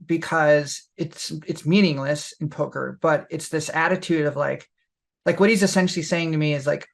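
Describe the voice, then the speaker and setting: Young woman, podcast co-host, gravelly and loose, candid storyteller full of fillers. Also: low-pitched, fairly even intonation, moderate pace. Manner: candid, lots of fillers, laughs while telling. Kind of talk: casual storytelling.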